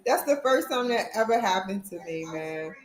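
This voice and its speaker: A woman's voice: medium pitch, expressive, normal speed. Chatty woman in a roomy room. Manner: rambling, chatty, talks straight to viewers. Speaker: vlogger, college student. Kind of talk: casual chat to camera. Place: at home, indoors.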